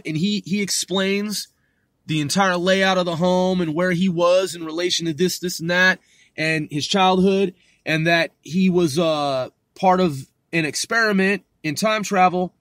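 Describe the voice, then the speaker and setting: Bright-voiced man rambling in a commentary. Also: sits high, slow pace, pauses often, dry recording. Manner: rambling, many fillers and restarts. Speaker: channel host. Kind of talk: casual monologue commentary.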